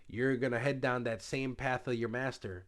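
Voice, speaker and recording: A man's voice: mid-range voice, steady tone, normal speed. Man rambling through a casual spoiler review. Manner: loose, rambling retelling with many fillers. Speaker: TV show reviewer.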